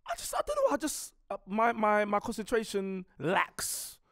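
A man's voice: sits high, expressive, moderate pace, fairly bright tone. A British man co-hosting a podcast, chatting in a rambling, playful, storytelling way. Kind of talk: casual podcast chat.

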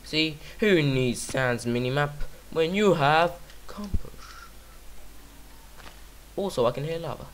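A man's voice: a little high, slow. A man giving casual let's-play commentary on his own game, rambling and silly, talking to himself and singing nonsense syllables. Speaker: gaming YouTuber.

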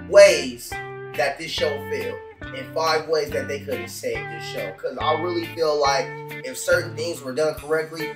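Man host, slightly high voice, cussing and blunt, room echo, faint music behind. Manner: blunt, profane, talks straight to viewers. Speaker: reaction video host. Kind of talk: casual reaction commentary.

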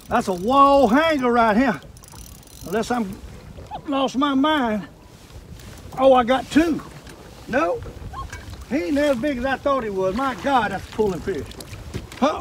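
An older man with a high voice for a man talks folksy and chatty out on a fishing boat on a lake. Wind and engine noise come through clearly behind him. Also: a little slow, long pauses. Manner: chatty, excitable, repeats himself. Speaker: fishing show host. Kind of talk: folksy running commentary while fishing.

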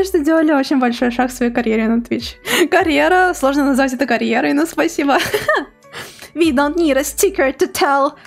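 A young woman streamer chatting casually with her live chat, giggling often, her throat a little hoarse. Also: high-pitched. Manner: giggly, laughs often, playful.

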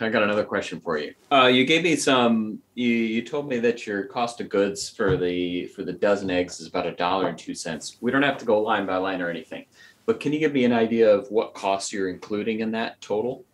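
A man's voice: lowish voice, moderate pace, a bit bright. A man hosting a casual interview, asking questions in an upbeat, encouraging way.

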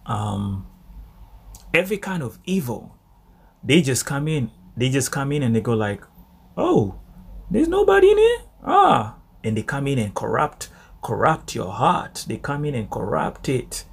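A man teaching a devotional Bible study in an animated way, repeating phrases for emphasis. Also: mid-range voice, normal speed, vocal fry, slightly rough.

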